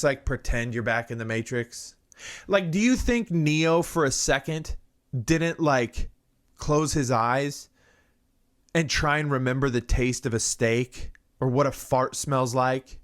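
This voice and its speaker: A man hosting a comedy show, ranting sarcastically and crudely, then answering listener questions. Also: mid-range voice. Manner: sarcastic and crude, swinging between mock-cynical and excited. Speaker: podcast host. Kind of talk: comedic political rant and listener Q&A.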